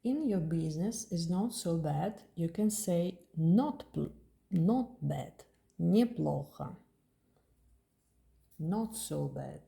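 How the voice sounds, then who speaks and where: A woman's voice: lowish voice, expressive, slow, creaky, mellow. A woman teaching a language lesson, carefully repeating words and drilling pronunciation.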